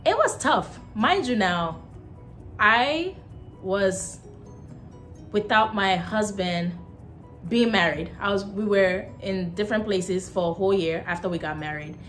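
A woman with a Nigerian accent chatting casually to camera as a vlogger, animated, with lots of fillers and emphatic jumps in pitch. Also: slow, faint music behind.

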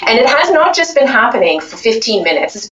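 A woman's voice: fairly high pitch, very animated, a bit bright. A woman university administrator in an office meeting, firmly explaining her point with an example. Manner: firm, explains slowly with examples. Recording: distant, dull, echoey room recording.

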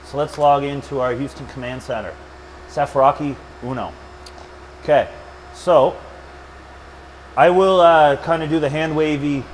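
A man's voice: fairly high pitch, steady tone, a little slow, pauses often, slight background noise, rough recording. A man presenting a hands-on storage build in a lab, talking casually and joking between steps with rambling asides. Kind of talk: casual hands-on tech demo. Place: server lab.

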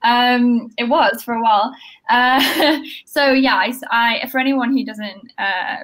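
A woman's voice: a little high, unhurried, fairly bright tone, poor audio. A young woman from Britain, a former gymnast and podcast guest, speaking casually with laughs and hesitant fillers over a video call. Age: young adult. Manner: giggly, hesitant, many fillers.

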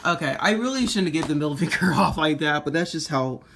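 A man's voice: fairly high pitch, animated, vocal fry, a bit bright, a little hiss or hum. Guy talking through some phone hacking stuff, swears constantly, short fuse, rambles. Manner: profane, rambling, quick to blow up. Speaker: iPhone jailbreak tinkerer. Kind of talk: casual screen demo commentary.

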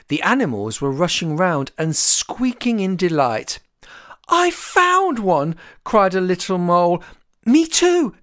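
An author reading a rhyming picture book aloud in an expressive, sing-song rhythm. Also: medium pitch, dry recording, clean studio sound.

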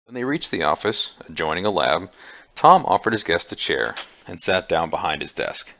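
A man reading an adventure book aloud with small slips, in a gravelly voice. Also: deep voice, sing-song, moderate pace, fairly bright tone. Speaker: audiobook reader. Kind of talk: amateur audiobook reading.

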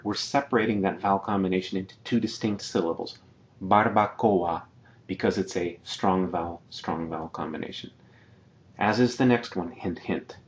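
A man teaching a slide-based video lesson, patiently explaining and repeating each example word slowly. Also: low-pitched, muffled recording. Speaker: Spanish teacher.

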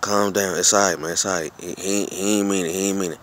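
Guy quoting his chill friend, low and hushed, telling him to calm down. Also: fast, slight background noise. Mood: soothing. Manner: hushed, soothing. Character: calm male friend soothing someone.

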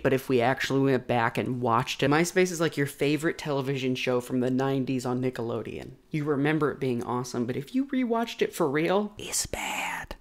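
A young man vlogging casually at his desk, rambling and joking, with sudden loud silly bits. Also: on the high side. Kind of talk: casual comedic vlog.

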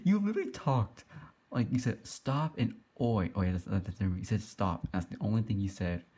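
Giggly, husky young gamer guy. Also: on the low side, brisk. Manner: excitable, giggly, teasing other players. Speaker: gaming YouTuber. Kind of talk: casual Let's Play commentary.

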